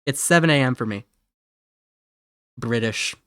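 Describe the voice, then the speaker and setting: A man's voice: mid-range voice, unhurried, sharp tone, clear, resonant tone, dry recording, studio quality. A man from Ohio chatting casually while streaming a game, rambling, giggly and correcting himself as he goes. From Ohio, USA. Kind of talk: casual live-stream chat.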